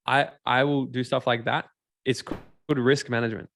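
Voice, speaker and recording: At a normal speed and medium pitch, this seminar speaker gives a motivational talk, playing out characters and putting questions to his audience with lively energy. The sound is studio quality, free of echo.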